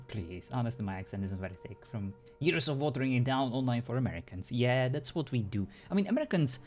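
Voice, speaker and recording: A man's voice: mid-range voice, big pitch swings, fast talker, a little mellow, soft background music. A European man chatting casually with viewers as a streamer, laughing often and joking around.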